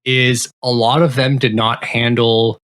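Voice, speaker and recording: A man's voice: medium pitch, a little slow. Matter-of-fact man explaining tech. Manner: explains technical details at length, even and matter-of-fact. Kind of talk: casual tech podcast chat.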